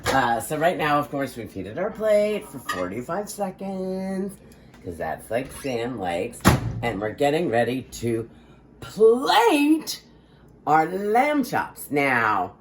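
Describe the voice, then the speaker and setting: Her voice is very deep, and slight background noise sits under it. In her home kitchen, this older woman runs a relaxed cooking demo with a playful, theatrical flair, joking about her abilities through mock boasts.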